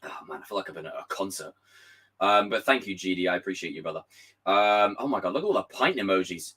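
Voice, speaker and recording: Young guy streaming and reading chat, hoarse voice, pitch jumping all over, swears a lot and yells sometimes. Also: quick pace, poor audio. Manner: animated, swearing, bursts into shouts. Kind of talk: casual live-stream chat.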